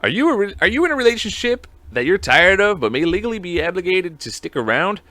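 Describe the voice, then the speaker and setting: A man voicing a fast-talking male salesman in a hard-sell parody ad, raised and punchy. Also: high voice, sing-song, pushed and bright, no echo, voice pushed up, full character voice. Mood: salesy. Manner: hard-sell infomercial delivery.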